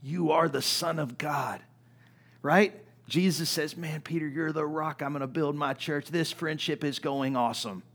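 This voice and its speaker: A man preaching a sermon in a conversational way, often asking "right?", moving between loud, emphatic peaks and quiet, low stretches. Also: steady tone, normal speed, creaky. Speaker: pastor.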